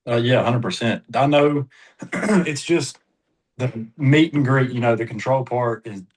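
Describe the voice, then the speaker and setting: A man's voice: medium pitch, unhurried, poor audio. A man, a car salesperson being coached, talking hesitantly with lots of fillers. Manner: hesitant, full of "you know" fillers. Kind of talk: casual talk in a coaching session.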